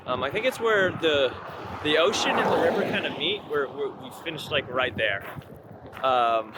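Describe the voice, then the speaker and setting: A young man vlogging casually outdoors on a windy day, rambling with lots of ums and uhs and correcting himself. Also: mid-range voice. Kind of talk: casual vlog talk to camera. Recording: faint wind noise outdoors.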